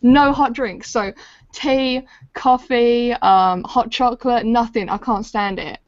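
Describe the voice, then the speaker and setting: A woman's voice: a little high, slow, dry recording. A woman hosting a podcast, chatting in a dry, teasing way. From England. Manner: dry, teasing, laughs easily. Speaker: podcast host and artist. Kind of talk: casual chat. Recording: dry, muffled lo-fi audio.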